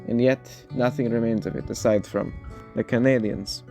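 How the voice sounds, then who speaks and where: Guy putting on a zealot russian priest-emperor type, fake russian accent, menacing and dark. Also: medium pitch, steady tone, moderate pace, creaky, soft background music, close to an everyday voice. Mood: solemn. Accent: put-on Russian. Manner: solemn, menacing declamation. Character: zealous male Russian imperial theocrat, fanatical. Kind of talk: role-play character monologue.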